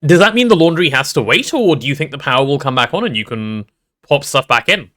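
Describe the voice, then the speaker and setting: Male game streamer, casual and playful, bright tone with a bouncy, swinging pitch, reads chat aloud. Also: sing-song, fast. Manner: playful, greets and answers chat aloud with repeated words.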